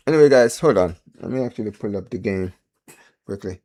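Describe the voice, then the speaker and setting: A man hosting a live football watchalong stream. He rants, pleads and chats to his viewers in an excitable, exasperated way. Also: mid-range voice. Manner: chatty, addresses viewers as guys and bro. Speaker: livestream host.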